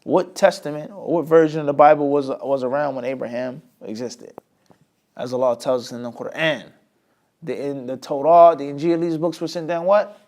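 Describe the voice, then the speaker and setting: A man's voice: a little high, moderate pace. A man teaching with rhetorical questions. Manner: asks rhetorical questions and answers them himself; lively, with many sudden rises and drops in loudness. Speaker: Islamic teacher. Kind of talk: lecture class.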